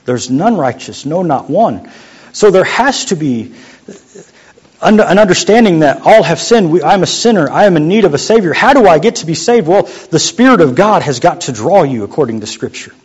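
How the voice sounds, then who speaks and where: A young adult man preaching a sermon as a youth pastor, in a conversational, joking way that sometimes drops to a quiet voice. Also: a little high, very animated, moderate pace, breathy edge. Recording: muffled lo-fi sound.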